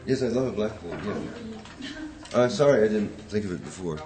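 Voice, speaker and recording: A man's voice: fairly low pitch, a little fast, a crowd in the background. Rambling male poetry teacher chanting rhythms. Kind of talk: classroom lecture. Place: classroom.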